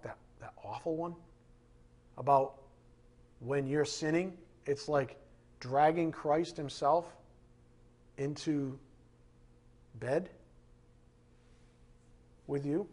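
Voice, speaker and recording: A male pastor preaching with force, repeating his key lines for emphasis. He breaks in with jokes to loosen up his listeners. His voice sits a little high and sounds husky. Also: darkish tone. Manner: emphatic, with joking asides to the congregation. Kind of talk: sermon.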